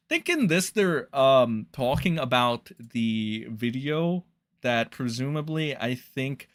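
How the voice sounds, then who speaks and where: A man's voice: medium pitch, expressive, slow. A man live-streaming, reacting to posts in rambling, profane, exasperated commentary to his chat.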